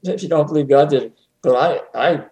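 A man chatting as a guest on a talk show, often chuckling and repeating words when he gets excited. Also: a little high, fairly quick. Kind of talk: casual conversation. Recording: roomy echo.

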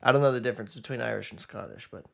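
A man's voice: mid-range voice, very fast, creaky, a bit bright. A young man in casual chat as podcast co-host, loose and joking, swearing freely.

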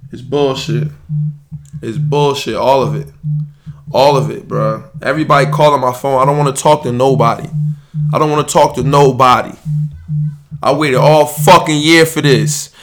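A man's voice: medium pitch, fairly even intonation, normal speed, long pauses, faint music behind. A man hosting his podcast, ranting in a heated, profane and slangy way. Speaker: podcast host. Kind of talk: live emergency podcast rant.

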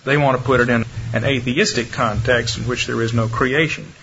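Bright-voiced man preaching a lecture. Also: mid-range voice, moderate pace, gravelly, a little hiss or hum. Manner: demonstrative, lively delivery with varied pace and loudness. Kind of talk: sermon lecture. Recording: muffled lo-fi recording with faint ambience.

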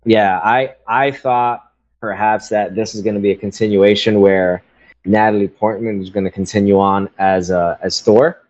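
Low-voiced hesitant man, dull sound. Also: fairly even intonation, normal speed, a little mellow. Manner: hesitant, many fillers and restarts. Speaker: podcast co-host. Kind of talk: casual chat.

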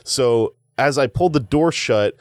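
A man's voice: mid-range voice, measured pace, no echo, clean studio sound. A male comedian hosting a podcast, telling a rambling, profanity-laced story in casual chat.

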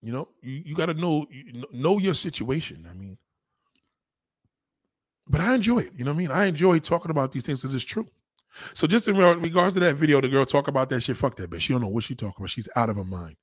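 A man in a blunt, crude, rambling monologue, talking fast and casually. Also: mid-range voice, lively intonation, slightly rough, dry recording, clean studio sound.

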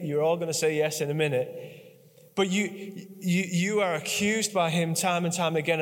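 A man with a high-pitched voice preaches a sermon, earnest and conversational, circling back to the same phrases and coaxing the congregation to speak along. His words ring out with a long reverb, as in a large church hall. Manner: earnest, repetitive and conversational, with audience prompts.

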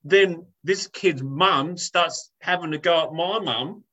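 A man with a high-pitched voice rants through a story in casual podcast chat. He swears freely and slips into voices for the people he describes. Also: slow pace, low-quality recording. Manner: animated ranting, swears, acts out voices.

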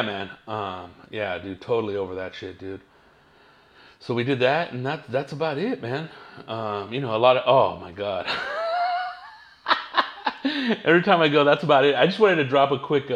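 A man's voice: lowish voice, lo-fi sound. A man, hosting his own podcast and telling rambling, profane stories in casual slang. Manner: profane, slangy, laid-back storytelling. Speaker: podcast host.

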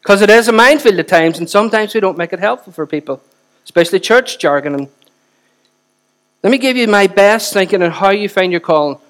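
Man, forties, pastor, sermon, high-pitched, chatty and repetitive. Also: lively intonation, fairly quick, fairly bright tone. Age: 40s. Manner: repeats phrases for emphasis, chatty asides to congregation.

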